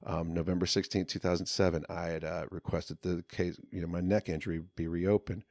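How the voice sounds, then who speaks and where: A man telling a long personal story in casual podcast talk, profane and animated, sometimes shouting as he relives moments. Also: sits low, fairly quick, dry recording, clean studio sound. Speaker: podcast guest.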